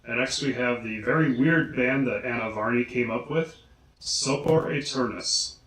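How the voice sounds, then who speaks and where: Guy vlogging, says each name slow and careful, roomy sound. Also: mid-range voice, a bit bright. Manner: slow, deliberate enunciation of names. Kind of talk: casual pronunciation guide. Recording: echoey room.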